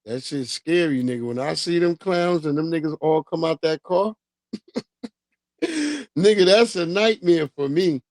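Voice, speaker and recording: Rambling, profane livestream host, dry sound. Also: male voice, fairly high pitch, expressive, a little slow, a little mellow, no room sound. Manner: rambling, profane, goes off on tangents. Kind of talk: casual chat with viewers.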